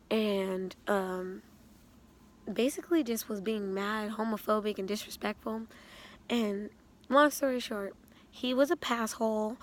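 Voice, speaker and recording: A young woman telling a casual storytime vlog, animated and slangy, often breaking into laughs. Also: mid-range voice. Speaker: vlogger.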